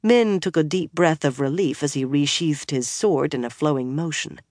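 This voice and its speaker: Brief: audiobook narrator, mid pitch, steady expressive read, bone-dry studio sound. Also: normal speed, few pauses, no room sound. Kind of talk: scripted fantasy narration.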